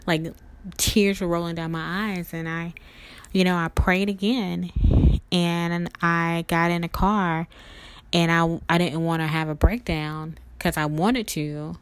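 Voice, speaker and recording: A woman's voice: low-pitched, clear, resonant tone. Earnest woman telling a personal story. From family roots in Louisiana. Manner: emotional, earnest, slow and halting.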